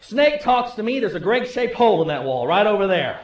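A male pastor preaching a sermon, telling the story with swings from loud to hushed. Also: sits high, sing-song, a little fast, few pauses, echoey room.

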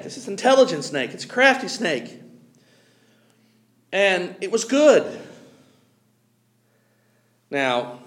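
Animated high-voiced male preacher. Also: roomy sound. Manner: animated, with chuckles and drawn-out emphatic pauses. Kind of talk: sermon.

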